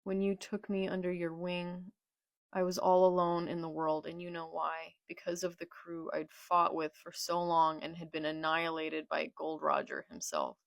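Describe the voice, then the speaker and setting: A woman reading out a betrayed male pirate captain's accusations in a quiet, subdued tone. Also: fairly low pitch, normal speed, creaky, dry recording. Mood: bitter. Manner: accusing, subdued read-aloud.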